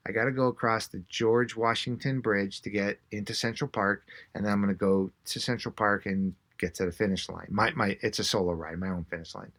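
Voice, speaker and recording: Author guest, man, lowish voice, animated storyteller who acts out quotes. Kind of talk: storytelling interview.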